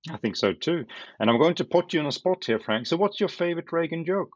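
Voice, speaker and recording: A man's voice: a little high, animated, fast, no room sound. A man interviewing a guest, asking probing questions in a conversational way. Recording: dry, dull lo-fi sound.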